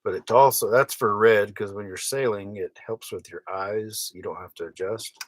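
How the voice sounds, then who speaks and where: A man's voice: on the low side, moderate pace, no room sound, poor audio. Wry man on a dry mic. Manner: wry, drawling, reads comments aloud with mock outrage. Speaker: vlogger reading viewer comments. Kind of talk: casual live-stream chat. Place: small cabin of a sailboat at night.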